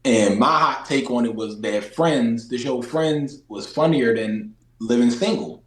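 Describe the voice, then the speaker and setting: Brief Philly-accented man, slangy and animated. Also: mid-range voice, unhurried, reverberant, low-quality recording. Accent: Philadelphia. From Philadelphia, USA. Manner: animated, slangy, repeats phrases for emphasis. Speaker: interview guest. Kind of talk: casual chat.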